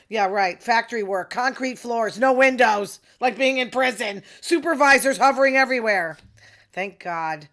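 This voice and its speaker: A woman's voice: a little high, normal speed, a bit bright. A middle-aged woman, hosting a casual opinion monologue with sarcastic asides. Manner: chatty, sarcastic asides, quoting others in voices. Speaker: podcast host.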